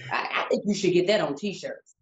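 A woman co-hosting a podcast in casual chat, an animated storyteller who acts out what people say. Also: fairly low pitch, normal speed. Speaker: podcast co-host. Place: home studio setup. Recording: dull lo-fi sound.

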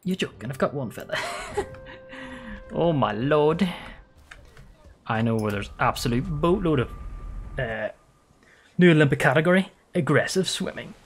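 A man streaming a game with playful, excitable commentary and frequent laughter. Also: on the high side, unhurried, long pauses. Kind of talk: live gameplay commentary.

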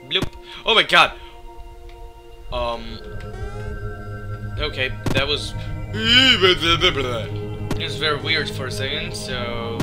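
A man with a hoarse, sick voice doing casual gameplay commentary, excitable and swearing as he talks to things in the game. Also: medium pitch, slow. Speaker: let's play gamer. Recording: game music behind voice. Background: game music.

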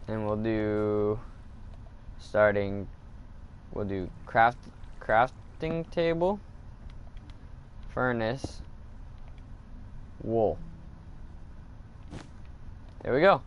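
A man with a fairly low voice talks casually over his gameplay, thinking out loud as he goes. He gets irritated easily at the game. A faint noise sits under the recording. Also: extremely slow, long pauses, highs cut off. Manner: chatty, thinks aloud, easily annoyed by the game. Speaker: gaming video host.

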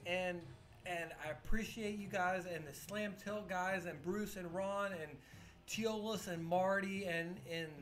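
Drunk, tearful woman streamer. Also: mid-range voice. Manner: halting, rambling and profane, with many restarts. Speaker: pinball streamer. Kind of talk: emotional live-stream monologue. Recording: echoey room with faint music. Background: faint music.

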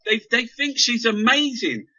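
Man, high and sharply bright, furious sweary stammering rant, dull lo-fi sound. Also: sing-song, a little slow, breathy edge. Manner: heavy swearing, repeated stammered words. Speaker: guest. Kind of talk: impassioned political rant. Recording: dull lo-fi internet radio audio.

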